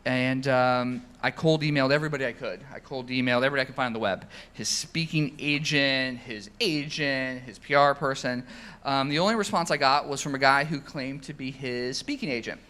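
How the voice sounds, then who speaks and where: A man, a company founder, telling stories at an onstage interview, animated, with many ums and restarts. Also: mid-range voice, fairly quick. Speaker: founder and CEO. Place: event stage before an audience.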